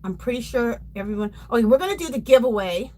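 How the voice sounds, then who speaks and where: A woman's voice: a little high, lively intonation, fast, a little mellow. A woman hosting a casual craft livestream, chatty and playful, reading viewer comments aloud and laughing often. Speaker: livestream host.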